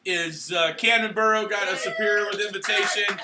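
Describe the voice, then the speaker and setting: A young man emceeing a church awards night, handing out certificates in an energetic, playful way, cheering and joking with the crowd. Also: high-pitched, fairly quick, over music. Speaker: youth pastor handing out awards. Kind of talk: live church event emcee. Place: church hall at a live event.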